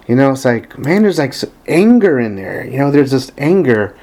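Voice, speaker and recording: A man's voice: mid-range voice, big pitch swings, normal speed, darkish tone. Hesitant, earnest man rambling to camera. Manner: hesitant, many ums and restarts, searching aloud; earnest, enthusiastic fan. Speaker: vlogger discussing a band's music. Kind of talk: casual rambling talk, reading lyrics aloud.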